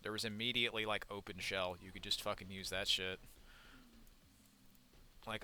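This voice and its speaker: A man's voice: lowish voice, steady tone, normal speed, long pauses, sharp tone, smooth. Ranting young man gaming commentary. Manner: rambling, profane, ranting. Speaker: gaming YouTuber. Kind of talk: casual let's-play commentary.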